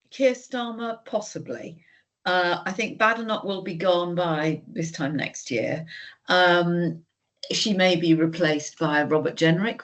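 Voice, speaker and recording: A man on a political podcast panel, giving brisk and decisive predictions. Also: on the high side. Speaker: political commentator. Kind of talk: casual political chat.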